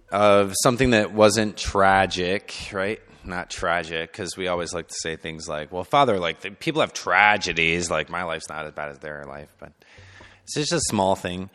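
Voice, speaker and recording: Deep-voiced man telling a personal story. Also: smooth. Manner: conversational, many fillers, shifts between soft and emphatic. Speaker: speaker sharing personal testimony. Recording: long hall reverb.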